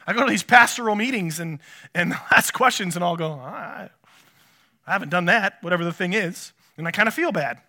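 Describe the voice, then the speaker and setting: A man's voice: high voice, a little fast, pushed and bright. A man, a pastor, preaching a conversational sermon, asking the congregation questions and poking fun at himself. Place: church.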